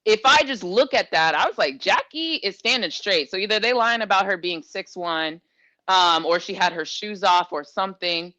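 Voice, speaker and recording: A woman co-hosting a casual sports chat, relaxed and joking as she thinks aloud. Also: mid-range voice, normal speed. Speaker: co-host. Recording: dull lo-fi sound.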